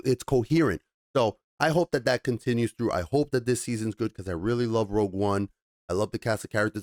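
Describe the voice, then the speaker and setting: A man giving a casual spoken TV review, animated and swearing often. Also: mid-range voice, no room sound, clean studio sound.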